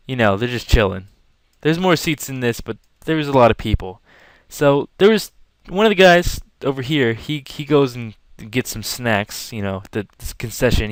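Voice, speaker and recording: Storytelling as he draws, a young man rambles casually to camera and animatedly acts out what happened, sometimes with yelling. His voice is medium-pitched, and there's no room sound.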